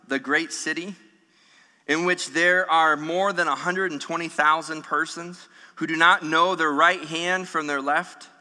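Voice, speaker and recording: Male pastor, sermon, bright ringing voice, fairly high, long hall echo. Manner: animated, humorous, acts out scripture voices.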